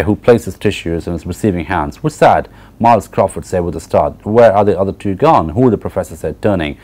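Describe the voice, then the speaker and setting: A male university lecturer reading passages from a novel aloud and pausing to explain them to students. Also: low-pitched, darkish tone. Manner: reads passages with frequent fillers and restarts, then explains.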